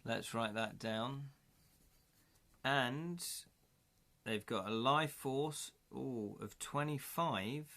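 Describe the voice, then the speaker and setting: A man's voice: mid-range voice, drawn-out words, pauses often, sharp tone. A man chatting casually on a live stream as he plays through a gamebook, thinking aloud and correcting himself as he counts up dice rolls.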